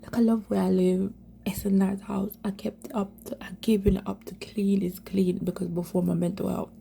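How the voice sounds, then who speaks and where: A young woman telling her own story of domestic abuse in halting, repetitive speech that often slips into a whisper. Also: mid-range voice, level tone, vocal fry, warm tone, a little hiss or hum. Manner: halting, repeats herself, many fillers; often drops to an unvoiced whisper. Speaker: survivor sharing her story. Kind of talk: emotional personal testimony.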